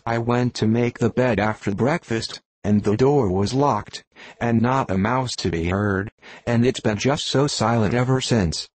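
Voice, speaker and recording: A man's voice: medium pitch, a little slow, no room sound, lightly acted. Give me a man reading as a flustered young chambermaid. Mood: alarmed. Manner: breathless, exclamatory. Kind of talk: audiobook reading.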